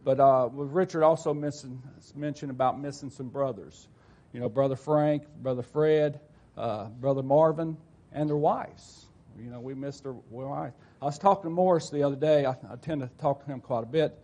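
واعظ رجل في الستينات، حديث عفوي متقطع. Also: male voice, mid-range voice, steady tone, normal speed, warm tone. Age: 60s. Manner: rambling, homespun, with frequent restarts. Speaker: preacher. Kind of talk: folksy church sermon.

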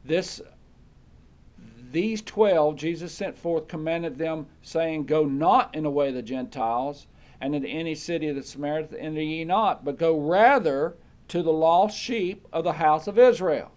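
A man's voice: fairly high pitch, normal speed, a little mellow. A man preaching a Bible study sermon, reading verses aloud and checking in with his listeners with "okay?".

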